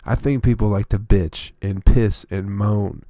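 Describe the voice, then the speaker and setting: Man ranting profanely, dry low voice. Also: steady tone, unhurried, warm tone, dry recording. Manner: profane, rambling, opinionated. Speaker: comedian hosting his own podcast. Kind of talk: solo comedic rant.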